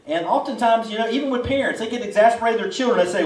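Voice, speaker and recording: A man's voice: very high voice, racing, hardly any pauses, darkish tone. A man preaching a sermon at a drive-in church service, folksy and conversational, full of rhetorical questions. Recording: roomy echo, distant mic.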